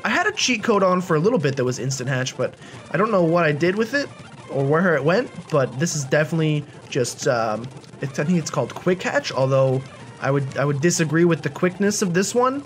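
A young man hosting a video game let's play in a chatty, self-deprecating, animated way. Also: fairly high pitch, a little fast, soft background music. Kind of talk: casual game commentary.

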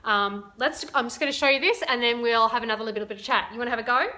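A woman's voice: fairly high pitch, fast, sharp tone, slight background noise. A woman dog trainer chatting through a casual instructional video, explaining her ideas with everyday examples.

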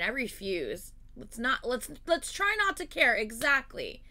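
Woman reactor, casual commentary, effusive exclaiming, slightly high voice with a forceful edge. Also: sing-song, a little slow, hardly any pauses. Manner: effusive, exclaiming, swings from gushing to murmuring. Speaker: music video reactor.

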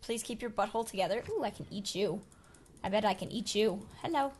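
A young woman hosting a casual let's play, excitable and talking to game creatures as she plays. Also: mid-range voice, fairly quick, slight background noise. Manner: excitable, talks to game creatures, jumps from whispers to yelps. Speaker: gaming channel host.

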